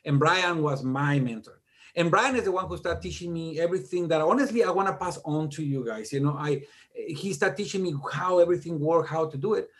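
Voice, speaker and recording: A middle-aged man chats as an interview guest with a slightly high, lively voice. He tells his stories with animated, self-mocking humor and laughs at himself along the way. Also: a little fast. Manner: animated, self-deprecating joker. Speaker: guest music producer. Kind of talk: casual interview storytelling.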